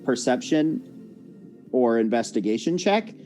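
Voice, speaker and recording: A man's voice: medium pitch, expressive, a little slow, warm tone, soft background music. Joking male dungeon master. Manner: casual, joking, rules explanations with many fillers. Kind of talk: narrating a tabletop game over voice chat.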